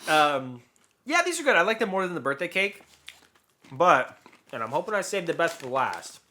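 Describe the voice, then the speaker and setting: A man co-hosting a podcast, chatting casually while tasting snacks, rambling and joking with loud bursts of laughter. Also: a little high, animated, moderate pace, slight background noise. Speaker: podcast co-host.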